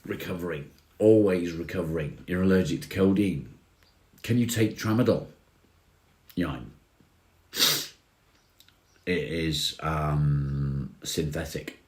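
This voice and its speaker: A man's voice: low-pitched, slow, long pauses, echoey room. A man hosting a casual livestream, chatting easily and replying to comments as he reads them. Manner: relaxed, chatty, says mate often. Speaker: livestream host.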